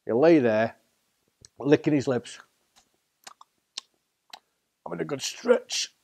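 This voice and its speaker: A man's voice: a little high, takes it slowly, vocal fry, darkish tone. A man with a Staffordshire accent telling a children's story in a playful, theatrical way. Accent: Staffordshire English. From England. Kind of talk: oral storytelling.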